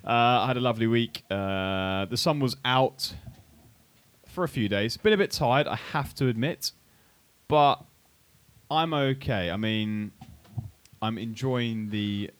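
A man's voice: medium pitch, slow pace, clear, resonant tone. A man co-hosting a podcast in casual chat, rambling and restarting his sentences. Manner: rambling, self-correcting, restarts. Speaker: podcast co-host.

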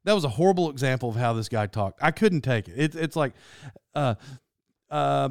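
A man in his thirties telling rambling, animated stories in a casual monologue as a podcast host. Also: medium pitch, brisk, creaky, dry recording, clean studio sound. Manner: rambling, animated storytelling with laughs.

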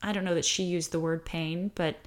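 An American woman explaining a topic in a casual monologue, animated and given to acting out quoted voices. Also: brisk. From United States. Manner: animated, acts out quoted voices with pitch jumps. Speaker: host talking about high sensitivity.

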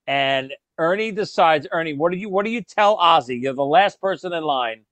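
A man talks with old friends in a high, swooping voice, teasing and nudging the story along. He sounds close and dry. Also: normal speed, no echo. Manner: lively, prompting and teasing, acts out friends' lines. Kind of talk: casual chat among old friends.

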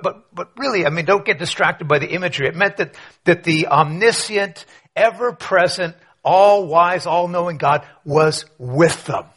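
Husky-voiced man preaching a sermon. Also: on the high side. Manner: conversational, with rhetorical questions and quiet asides. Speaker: pastor.

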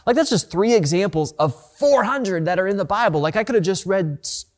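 Guy pastor giving a sermon, kinda high voice, earnest, keeps repeating words as he goes. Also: lively intonation, brisk.

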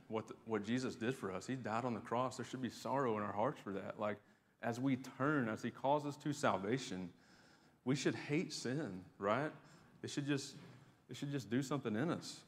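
A man's voice: mid-range voice, normal speed. A man preaching a sermon to his church in a casual, conversational way, often repeating words as he goes. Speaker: pastor. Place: church sanctuary. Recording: long hall reverb.

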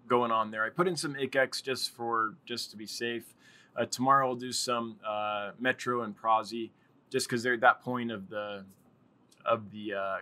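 Bright-voiced man hosting a chatty livestream. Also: medium pitch. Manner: rambling, chatty, laughs often. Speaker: live stream host. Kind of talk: casual live stream chat.

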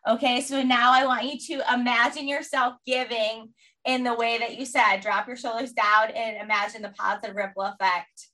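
A woman's voice: a little high, level tone, moderate pace, sharp tone, far from the mic. A woman leading a guided movement and mindfulness class, upbeat and encouraging as she cues movement and breathing. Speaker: fitness class instructor.

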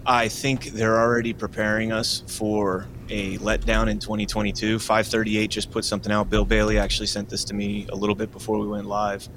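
A man appearing as a guest commentator on a political livestream, explaining his points in a steady, casual way. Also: on the low side, brisk, few pauses, noisy background.

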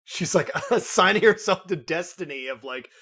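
A man in casual film talk, expressive, laughing often and mimicking characters. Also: high voice, moderate pace.

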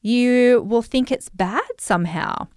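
A woman's voice: a little high, slow, a little mellow, no room sound. Aussie woman talking money to her listeners, casual and chatty, lots of ums, dry sound. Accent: Australian. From Australia. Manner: chatty, reflective, lots of fillers. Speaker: money coach.

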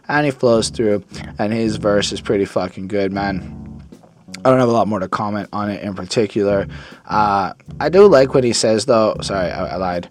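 A man giving a casual, rambling music review, swearing freely and filling pauses with ums and uhs. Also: lowish voice. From Jewish. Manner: rambling, profane, with frequent fillers and restarts. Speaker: album reviewer.

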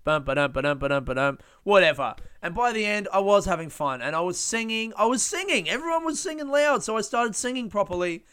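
A young man, a comedian and podcast host, telling a story in a casual, animated way, laughing and swearing often. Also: high voice, a little fast, few pauses, smooth, no room sound, studio quality.

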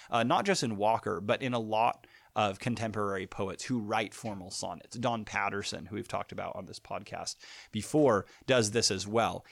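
A man's voice: on the low side, gravelly, dry recording. A middle-aged man hosting a podcast, giving a thoughtful close reading of a sonnet and reading lines of verse aloud. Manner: thoughtful, analytical, reads verse aloud slowly. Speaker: podcast host. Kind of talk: close reading of poetry, casual lecture.

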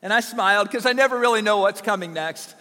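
A man's voice: high-pitched, fast, sharp tone, big-room sound. A pastor from Southern Illinois preaching a sermon, telling folksy, humorous stories to his congregation. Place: church sanctuary.

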